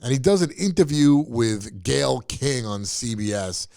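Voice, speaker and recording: A man's voice: medium pitch, lively intonation, normal speed, vocal fry, a little mellow, smooth, no room sound, clean studio sound. A male show host giving a blunt, profane, scoffing commentary monologue.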